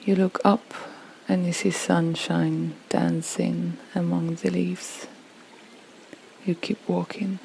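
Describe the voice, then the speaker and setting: A woman leading a guided relaxation visualization, speaking slowly and soothingly with long pauses. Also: fairly low pitch, little pitch movement, vocal fry, mellow, slight background noise, rough recording. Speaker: yoga and meditation guide.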